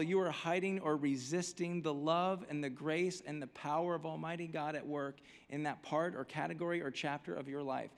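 A man's voice: fairly high pitch, creaky, long reverb tail. A male pastor preaching a sermon, emphatic and full of repeated rhetorical questions.

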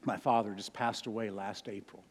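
A man's voice: steady tone, moderate pace, husky. Man in his sixties preaching in a hall. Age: 60s. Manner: swings from loud emphatic peaks to hushed low phrases. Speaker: pastor. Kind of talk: sermon. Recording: hall reverb.

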